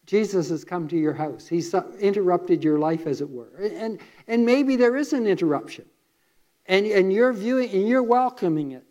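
A man's voice: high voice, expressive, normal speed, mellow. A man preaching a sermon, retelling a story in a conversational way with asides to listeners.

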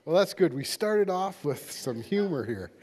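A man preaching a sermon as pastor, speaking plainly and relaxed, halting with many fillers. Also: on the high side, heavy background noise.

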